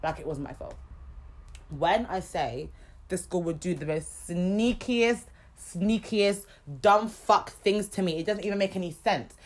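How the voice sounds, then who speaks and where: A young woman, co-hosting a podcast and telling a story in a casual, animated way, swearing freely and acting out other people's lines. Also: on the low side, unhurried. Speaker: podcast co-host.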